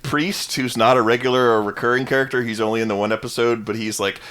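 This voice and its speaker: Regular guy podcasting, casual chatty, laughs a lot, average pitch. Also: fairly even intonation, fast, fairly bright tone. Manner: laughs often, quotes cartoon characters in funny voices. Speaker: podcast co-host. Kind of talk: casual chat.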